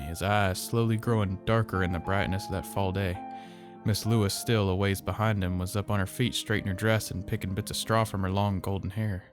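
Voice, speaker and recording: Man, horror narrator, low voice, slow and somber, faint music under. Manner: slow, measured, somber telling. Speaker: storyteller.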